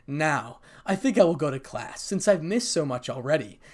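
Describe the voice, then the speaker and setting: A bitter, scornful young man speaks coldly to the friends who betrayed him, voiced by a male fan-fiction reader. The pitch swings a lot as he sneers, and the coldness can boil over into shouting. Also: expressive, moderate pace. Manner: cold and scornful, bursting into shouting.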